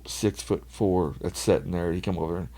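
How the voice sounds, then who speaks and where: Gravelly man spinning wild stories. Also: low-pitched, normal speed. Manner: rambling, laughs often, loud when acting out others. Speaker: podcast guest. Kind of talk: casual storytelling chat.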